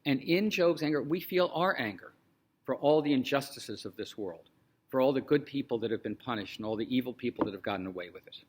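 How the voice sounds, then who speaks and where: A man in a rabbi's role, teaching in a loose, chatty way. His pitch sits in the middle, and he keeps adding "um" and "you know" as he retells an old story. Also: a little fast. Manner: conversational, animated retelling with many fillers. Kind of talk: informal teaching talk.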